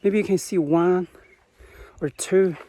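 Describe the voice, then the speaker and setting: A man giving running commentary outdoors in a quiet park while jogging, speaking in short clipped phrases with simple grammar. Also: high-pitched, fairly even intonation, takes it slowly, slight background noise. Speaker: vlogger testing a running watch.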